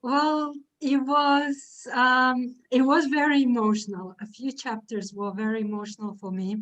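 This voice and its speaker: Woman on a video call, earnest, kinda halting, pauses a lot. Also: high-pitched, steady tone, fairly bright tone, rough recording. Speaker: book translator. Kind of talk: casual video call chat.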